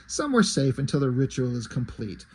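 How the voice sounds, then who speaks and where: A man's voice: mid-range voice, very animated, fairly quick, slightly rough. A man voicing a scheming young witch in a storybook reading, grandiose and taunting.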